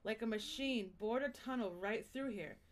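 A woman's voice: fairly high pitch, normal speed, lightly acted. A woman voicing a curious middle-aged father exploring a cave, eager and encouraging, in a storytelling podcast reading. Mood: wondering.

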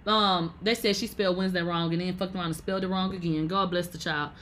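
A woman hosting a casual livestream, reading viewer comments aloud in a brash, profane way and laughing loudly often. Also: on the low side, steady tone, fast. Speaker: livestream host.

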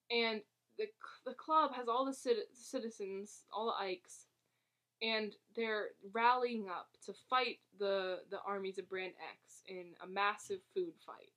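A woman's voice: mid-range voice, slow pace, fairly bright tone. A woman casually recapping a movie plot for a co-host, rambling and giggling, with lots of fillers and restarts. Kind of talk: casual chat.

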